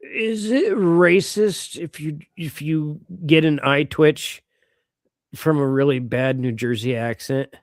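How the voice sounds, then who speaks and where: A middle-aged man co-hosting a podcast in casual chat, animated and quick to swear and laugh. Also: a little high, no echo, studio quality. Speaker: podcast co-host.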